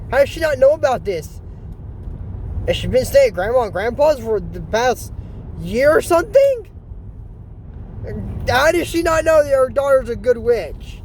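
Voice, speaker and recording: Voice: sits high, darkish tone, slight background noise. A cartoon episode reviewer giving casual, rambling reaction commentary, full of fillers and strong opinions.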